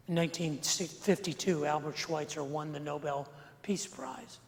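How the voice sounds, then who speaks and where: A male pastor preaching an earnest sermon, slowing and swelling on key phrases and repeating words for emphasis. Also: fairly high pitch, steady tone. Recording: long church reverb.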